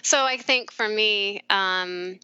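Bright, crisp-voiced woman sharing candidly. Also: mid-range voice, slow, no room sound, dull audio. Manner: warm, reflective, often laughing softly. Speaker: therapist guest. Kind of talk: candid conversational interview.

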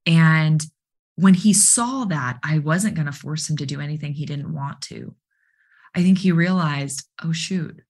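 A woman coach telling a story in conversation, animated and full of fillers, acting out the dialogue she quotes. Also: sits low, a little slow, slightly rough. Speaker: guest, mental performance coach for baseball players.

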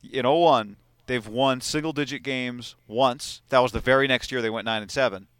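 A man's voice: medium pitch, normal speed, a bit bright, smooth, dry recording, clean studio sound. A man co-hosting a casual sports chat, conversational and citing stats. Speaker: sports talk co-host.

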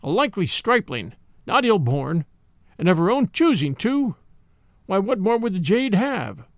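A man's voice: sits high, very animated, measured pace, dry recording, clean studio sound, exaggerated voice. A man voicing a sly, sneering old nobleman who mocks his captive, with a harsh barking edge. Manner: leering, sudden harsh barking tone.

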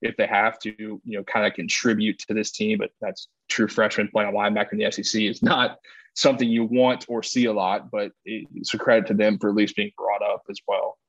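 A man's voice: on the low side, flat delivery, brisk, no room sound, dull audio. A man co-hosting a casual sports podcast, rambling and restarting often, laughing easily. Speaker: podcast co-host, former player.

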